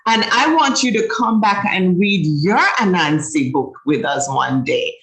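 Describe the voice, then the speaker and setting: Woman, children's show host, bright voice, encouraging casual chat, echoey room. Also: lowish voice, animated, a little slow. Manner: warm, encouraging, thankful. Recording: roomy echo.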